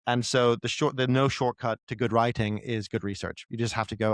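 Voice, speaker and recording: A man's voice: mid-range voice, steady tone, fairly quick, no echo. A man, a writer, talking as a guest in a casual conversation, explaining ideas loosely with lots of fillers.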